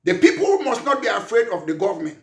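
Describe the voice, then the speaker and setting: A man from Cameroon with a very high voice delivers a fiery political speech in a Cameroonian English accent. He keeps asking rhetorical questions and bursts into shouts. The room around him is echoey. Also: wildly swooping pitch, fast. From Southern Cameroons. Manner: impassioned, repetitive, rhetorical questions, frequent shouting. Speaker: party leader and lawyer.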